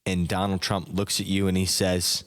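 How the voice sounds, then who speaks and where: A man giving a parody sleep hypnosis narration, speaking softly and slowly in the second person. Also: deep voice, completely flat delivery. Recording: long hall reverb.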